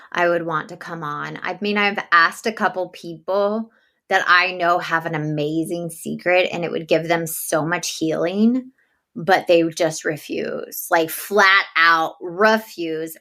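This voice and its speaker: A woman's voice: on the low side, bright, forceful tone. A woman being interviewed about her podcast, answering in an earnest, chatty way and laughing easily. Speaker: podcast host as guest. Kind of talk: casual conversational interview.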